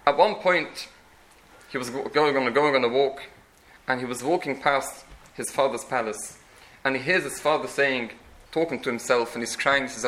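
A man's voice: medium pitch, moderate pace, fairly bright tone, low-quality recording. A man teaching a religious lecture in an earnest, explanatory way, often restarting his phrases. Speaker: Torah teacher.

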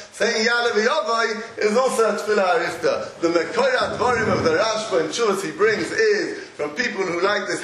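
A high-voiced man teaches a Talmudic class in a roomy space a faint hiss behind him. He stumbles and restarts often, and laughs between points. His delivery is lively and informal. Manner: animated, halting with repeated restarts, laughs often. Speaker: Torah teacher. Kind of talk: Talmudic lecture. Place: echoey room with a live audience. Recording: roomy echo, faint noise.

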